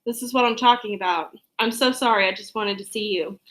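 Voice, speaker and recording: A woman's voice: mid-range voice, brisk, a bit bright, lightly acted, low-quality recording. A woman reading as a remorseful teenage boy. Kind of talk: reading a novel aloud.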